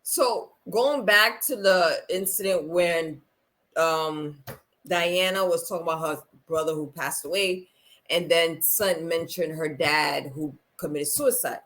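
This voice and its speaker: A woman co-hosting a chatty reality TV recap, her voice bright and clear. She talks with animation, slipping into quick acted-out quotes as she makes her points. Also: low voice. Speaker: podcast co-host. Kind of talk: casual reality TV recap chat.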